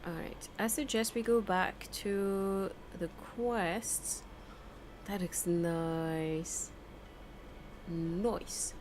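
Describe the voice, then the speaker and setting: A woman's voice: medium pitch, very slow, darkish tone, slight background noise. Chatty woman streamer with a mid-range voice. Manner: chatty, swears, laughs often. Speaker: game streamer. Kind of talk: casual gameplay commentary.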